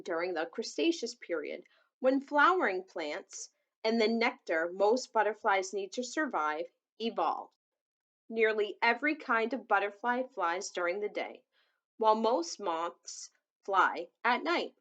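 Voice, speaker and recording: A woman reading a children's picture book aloud, gently adding asides that explain things to young listeners. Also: medium pitch, animated, measured pace, poor audio.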